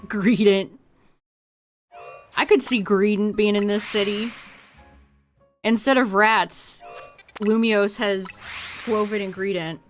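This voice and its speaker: A woman's voice: medium pitch, fairly even intonation, takes it slowly, long pauses, soft background music. A woman streaming a game, chatting casually with her viewers, laughing often and trailing off mid-sentence. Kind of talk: casual livestream chat to viewers.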